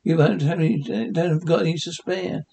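A man's voice: on the high side, fairly even intonation, a little fast, gravelly, mellow, slightly rough. A man voicing a meek, good-natured caveman neighbour in a 1960s cartoon, mild and easygoing.

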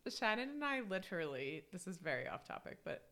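A woman in her thirties talks through a podcast episode in a loose, chatty way. Her voice is bright and forceful and sits a little low. She fills her talk with ums and laughs easily. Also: very animated, a little fast. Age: 30s. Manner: chatty, laughs often, many fillers. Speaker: podcast co-host. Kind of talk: casual chat.

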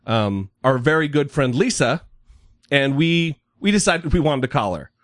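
A man's voice: on the high side, lively intonation, measured pace, a bit bright, dry recording, clean studio sound. A man hosting a podcast in loose, joking, profane casual chat. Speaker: podcast host.

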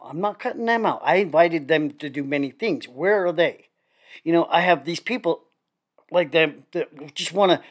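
A middle-aged man talking openly on a podcast, his voice pitched a little high. He speaks bluntly and swears freely, often breaking into laughter. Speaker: podcast co-host. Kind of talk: casual chat.

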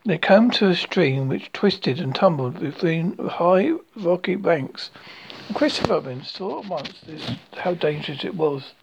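A storyteller reads a children's storybook aloud in a halting way, often stumbling, slipping and restarting. The voice is mid-range, expressive and creaky with a breathy edge, captured on a dull lo-fi recording.

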